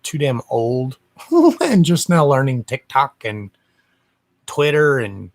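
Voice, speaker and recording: A man's voice: mid-range voice, wildly swooping pitch, slow. A man hosting a live stream as a psychic medium, chatting casually from home in a sassy, gossipy way, cussing freely and calling his viewers darling.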